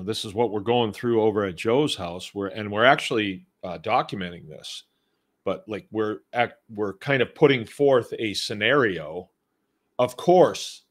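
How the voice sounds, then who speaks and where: Relaxed low-voiced middle-aged homestead host. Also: male voice. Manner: rambling, relaxed and conversational, with many restarts. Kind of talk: casual live-show talk reading listener comments.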